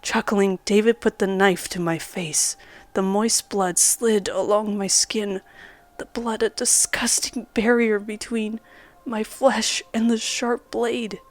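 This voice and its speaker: Slow, measured woman narrating horror. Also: mid-range voice. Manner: measured, dramatic, dips into whispers. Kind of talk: scripted first-person horror narration. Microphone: studio condenser mic.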